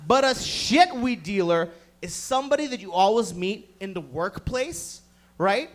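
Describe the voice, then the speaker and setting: High-voiced profane stand-up comic. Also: male voice, animated, measured pace. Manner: profane, riffing with the audience, acting out voices. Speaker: stand-up comedian. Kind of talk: stand-up set with crowd work. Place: comedy club stage.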